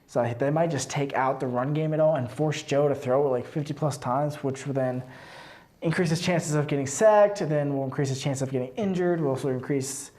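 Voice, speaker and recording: A man's voice: fairly high pitch, fairly quick, a little mellow. A young man hosting a casual student sports talk show, rambling with lots of fillers and restarts. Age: young adult. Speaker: host.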